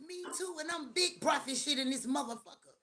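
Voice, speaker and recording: A middle-aged woman hosting a live stream, talking in a loud, profane, joking rant. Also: high-pitched, brisk, crowd noise. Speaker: livestream host. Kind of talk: casual live-stream chat.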